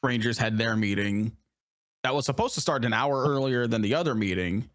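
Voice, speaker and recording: A man's voice: medium pitch, brisk, no room sound, clean studio sound. A man on a podcast chatting casually, swearing freely and laughing often. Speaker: podcast guest. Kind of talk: casual chat.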